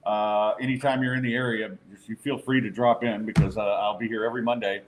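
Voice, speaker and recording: A man's voice: on the low side, level tone, quick pace, noisy background. A man hosting a sports podcast, chatting casually in a loose, joking way with lots of fillers. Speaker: podcast host.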